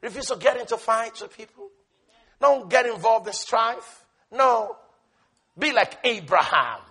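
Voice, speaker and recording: A male preacher with a very high, bright, husky voice delivers a fervent sermon. He swings between loud shouted peaks and quiet, hushed lines, often laughing as he talks. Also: lively intonation, a little slow.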